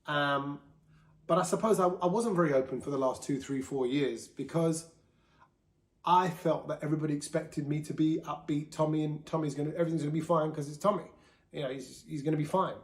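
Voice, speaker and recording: Talking solo and candidly about himself, a man hosts a podcast with a slightly high, fairly even voice at a fairly quick pace. The room is reverberant, and he keeps it chatty and open, laughing and putting on voices for quotes.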